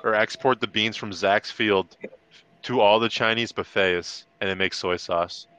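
A man's voice: fairly low pitch, steady tone, normal speed, sharp tone, smooth, low-quality recording. A man in casual podcast chat, trading dry teasing banter.

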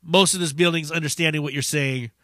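A man hosting a podcast, telling a story in a casual, profane, animated way. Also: fairly high pitch, brisk, no room sound, studio quality. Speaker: podcast host.

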